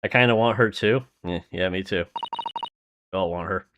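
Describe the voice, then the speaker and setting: A man's voice: deep voice, moderate pace, slight background noise. Joking man commentating a game. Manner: joking, excitable, laughing often. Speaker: gamer playing through a story game.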